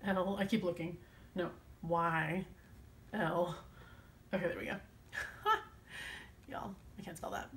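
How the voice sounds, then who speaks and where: A woman's voice: fairly low pitch, steady tone, takes it slowly, long pauses, fairly bright tone, slight background noise. A woman chatting casually and rambling while she works on her planner, full of fillers and self-deprecating asides. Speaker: planner vlogger.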